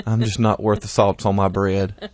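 A man's voice: fairly low pitch, a little mellow, no echo. A man co-hosting a podcast, reading listener feedback in casual chat and joking often. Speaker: podcast co-host.

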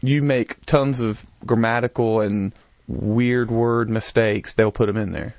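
A man chatting on his podcast, rambling through jokey stories at a middling pitch. His voice sits close and dry on the mic, with no room sound around it. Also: fairly even intonation, unhurried, a little mellow, dry recording. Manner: joking, rambling storyteller. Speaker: podcast co-host. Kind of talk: casual chat.

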